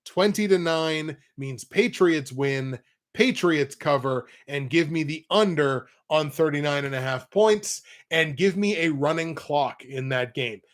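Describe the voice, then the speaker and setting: A young man hosts a football picks show, chatting casually about betting in a rambling way with wry asides and self-corrections. His voice is a little high and a little slow, turning nasal when he pinches his nose.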